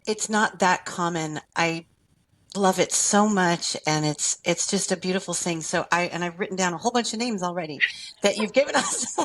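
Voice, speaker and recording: A woman's voice: medium pitch, low-quality recording. A woman co-hosting a podcast, talking in an earnest, effusive way. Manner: warm, earnest and effusive, with frequent laughs. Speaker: podcast co-host. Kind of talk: casual conversation.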